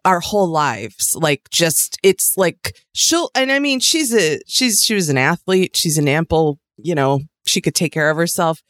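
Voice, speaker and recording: A woman's voice: lowish voice, expressive, measured pace, few pauses, a bit bright, dry recording. A woman co-hosting a podcast in casual chat, rambling and trailing off mid-thought. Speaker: podcast co-host.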